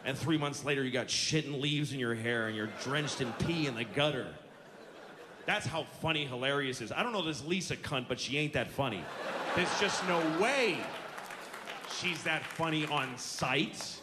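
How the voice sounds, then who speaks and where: A man's voice: medium pitch, animated, moderate pace. Ranting man on a comedy stage. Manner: exasperated ranting, mocking voices of others. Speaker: stand-up comedian. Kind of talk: stand-up routine. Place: comedy stage before an audience. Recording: live club with crowd laughter and noise.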